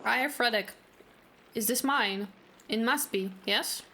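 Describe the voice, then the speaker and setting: Brief: demanding baron, aggrieved and lordly, as a woman does him, bright tone. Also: fairly high pitch, slow pace, a little hiss or hum, exaggerated voice. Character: disappointed demanding male nobleman patron.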